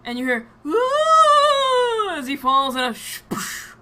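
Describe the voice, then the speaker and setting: A woman narrating a tabletop game as game master, pausing often with ums and restarts. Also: high voice, little pitch movement, sharp tone, poor audio. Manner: hesitant, with many ums and restarts.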